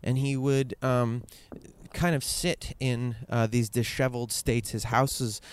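A man's voice: medium pitch, steady tone, takes it slowly, clear, resonant tone. A man telling a candid personal story, rambling and swearing, with many fillers and restarts.

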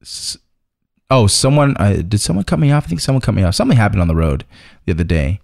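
A man's voice: lowish voice, big pitch swings, quick pace, creaky, a little mellow. A young man co-hosting a casual chat, telling stories and laughing often. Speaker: podcast co-host.

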